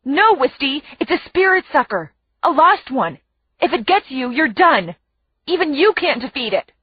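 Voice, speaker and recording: A woman's voice: high voice, sing-song, normal speed, dry recording, highs cut off, pitched above the performer's own voice. A woman voicing an anxious teenage boy in an audiobook, giving urgent warnings.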